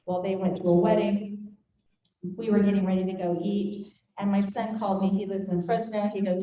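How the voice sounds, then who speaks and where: An older woman teaching a group, telling a family story in an animated way and acting out voices. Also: medium pitch, a little fast. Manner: animated, acts out quoted voices. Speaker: Bible study teacher. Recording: echoey room, faint noise.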